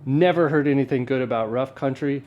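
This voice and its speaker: Laid-back man with a mid-pitched voice, joking wryly through a casual garage vlog. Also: brisk, highs cut off. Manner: laid-back and wry, with offhand jokes. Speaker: vlogger working on an old truck.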